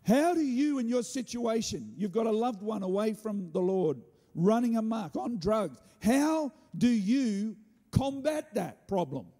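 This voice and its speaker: A man preaching a sermon, telling a story with animated delivery and joking asides. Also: high voice, measured pace. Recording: hall reverb.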